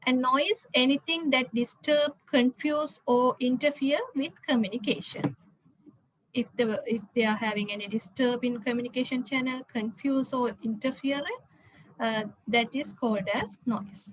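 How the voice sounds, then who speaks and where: A woman's voice: high-pitched, steady tone, moderate pace, rough recording. A woman giving a slide lecture, hesitant, with frequent "uh" fillers and word restarts.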